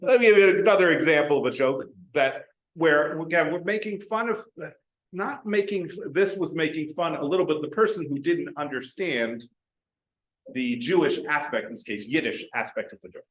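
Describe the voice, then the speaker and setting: A man giving a humorous prepared club speech, telling jokes in an animated way. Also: on the high side, normal speed. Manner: animated joke-telling with quoted voices. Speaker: club speaker. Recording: roomy echo.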